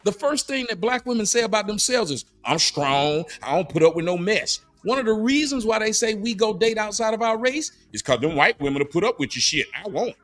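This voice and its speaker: A middle-aged man hosting a podcast, arguing in a preachy, mocking, animated way. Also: high-pitched, quick pace, hardly any pauses. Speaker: podcast host. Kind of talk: heated casual debate. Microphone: studio mic.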